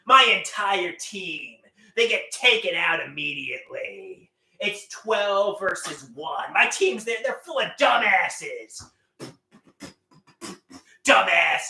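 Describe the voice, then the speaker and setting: Brief: male streamer, slow drawl, very bright sharp tone, shouty and crude, roomy echo. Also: high voice, slight background noise. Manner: loud, shouting, crude and self-mocking. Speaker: livestream host. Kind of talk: rambling live stream with improvised songs.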